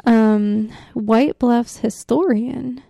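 A woman co-hosting a podcast, casually telling a folklore story, often dropping to a hushed whisper and laughing easily. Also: on the high side, fairly even intonation, extremely slow, creaky, no room sound, clean studio sound. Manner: drops to a hushed whisper for the spooky parts. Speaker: podcast co-host.

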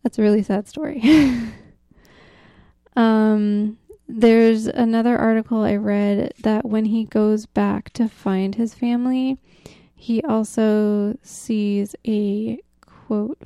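A woman co-hosting a podcast, casually telling a folklore story, often dropping to a hushed whisper and laughing easily. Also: on the high side, steady tone, slow, smooth, no room sound, studio quality. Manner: drops to a hushed whisper for the spooky parts. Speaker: podcast co-host.

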